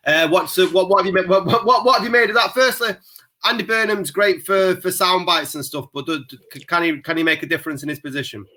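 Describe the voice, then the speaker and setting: Manchester guy on a podcast, bright slightly high voice, blunt and sweary. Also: quick pace. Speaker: podcast co-host. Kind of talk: casual podcast chat.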